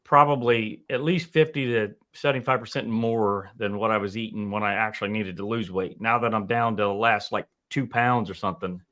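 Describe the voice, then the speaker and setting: A man's voice: lowish voice, steady tone, fairly quick, few pauses, bright, forceful tone. A man hosting a live stream, reading out and thanking viewers' donations in a casual, upbeat way. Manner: upbeat, thanks donors one by one. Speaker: livestream host reading super chats.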